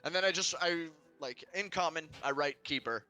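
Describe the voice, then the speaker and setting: Bright-voiced male tabletop player. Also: fairly high pitch, normal speed. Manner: hesitant, thinking aloud. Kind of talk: playing a tabletop game.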